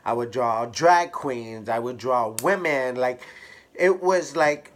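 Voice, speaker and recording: A man candidly telling a personal story to camera in an expressive, drawn-out way. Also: mid-range voice. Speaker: hairstylist vlogger.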